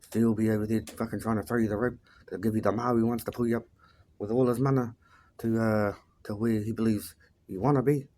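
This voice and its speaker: A man's voice: fairly low pitch, steady tone, a little fast, mellow. A man, a life coach talking bluntly and profanely in a casual motivational monologue, ending his sentences with "eh".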